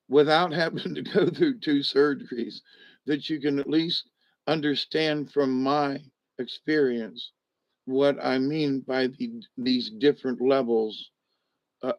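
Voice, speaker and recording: A man's voice: medium pitch, no room sound. Upbeat rambling man, dull lo-fi sound. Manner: upbeat, rambling, full of restarts. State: a little wired on steroids. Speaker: vlogger. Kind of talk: casual rambling video update. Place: at home, lying in a resting position.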